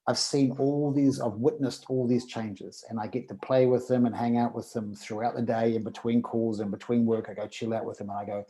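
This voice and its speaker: A man, a podcast guest, telling a personal story in casual conversation and acting out the dialogue with lively energy. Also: medium pitch, a little fast, few pauses, poor audio.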